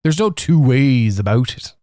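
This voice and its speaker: A man's voice: mid-range voice, expressive, a little slow, warm tone, dry recording, studio quality. A tired man in his forties from Canada, ranting sarcastically in a rambling solo podcast monologue. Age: 40s. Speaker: podcast host.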